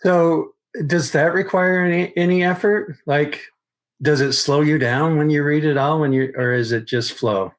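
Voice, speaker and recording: A man's voice: a little high, normal speed. A man hosting a podcast, asking questions methodically and often restarting his phrasing. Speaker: podcast host and interviewer. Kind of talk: interview questions.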